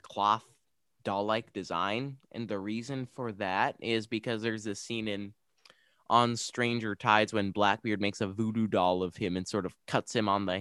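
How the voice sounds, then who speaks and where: A man's voice: lowish voice, fairly bright tone, smooth, no echo, studio quality. A young man co-hosting a casual podcast, talking enthusiastically and rambling with frequent restarts. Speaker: podcast co-host. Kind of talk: casual podcast chat about games.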